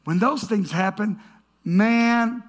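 A male pastor preaching a sermon to his congregation. He is emphatic, rises to shouts, then drops to a hush. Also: high-pitched, takes it slowly. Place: church stage before a congregation.

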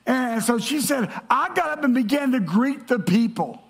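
A man's voice: very high-pitched, animated, moderate pace, husky. A man preaching a sermon, telling stories and reading scripture aloud to a congregation. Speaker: pastor.

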